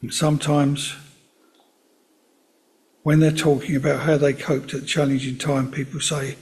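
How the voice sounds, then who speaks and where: Guy preaching a sermon, easygoing and chatty, voice sits a bit high. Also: level tone, moderate pace, pauses often. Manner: gentle, conversational preaching with asides.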